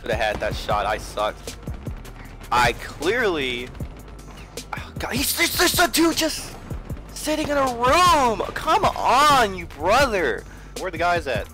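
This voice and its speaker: A young man giving excitable gameplay commentary, swinging between mumbling and yelling. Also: high-pitched, slow pace. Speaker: gaming video creator. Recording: trap beat playing underneath. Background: background hip-hop music.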